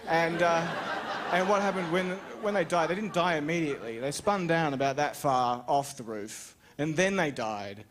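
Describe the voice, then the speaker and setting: A man's voice: expressive, normal speed, a bit bright, a little hiss or hum. A young Australian man telling a rambling, self-mocking story on stage as a stand-up comedian. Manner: rambling, self-mocking storytelling with sudden high-pitched jumps.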